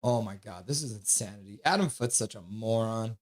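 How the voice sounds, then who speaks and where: A man streaming live hockey play-by-play, excitable and blunt, chatting casually with his viewers between plays. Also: lowish voice, a little fast. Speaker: streamer doing fan play-by-play.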